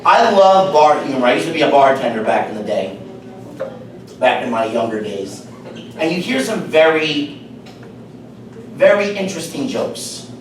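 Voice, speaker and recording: Guy doing a funny club speech, chatty joke teller, kinda high voice, far off in an echoey room w faint hum. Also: sing-song, moderate pace, pauses often. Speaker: club speaker. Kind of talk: humorous speech. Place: meeting room.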